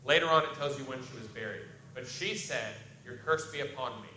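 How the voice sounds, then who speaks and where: A man's voice: medium pitch, a little fast, bright, forceful tone. A man preaching a sermon, reading scripture aloud and explaining it in plain everyday talk. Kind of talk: expository sermon. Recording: echoey room with faint ambient noise.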